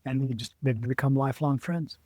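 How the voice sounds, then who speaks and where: A medium-pitched middle-aged man, with no room sound around him, tells lively stories as an adventurer and author on a casual interview show. He acts out quoted voices and frequently starts his sentences over.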